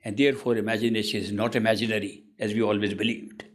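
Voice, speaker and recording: A man giving a spiritual discourse as a teacher, expressive and gently humorous, acting out the voices he quotes. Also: fairly low pitch, quick pace.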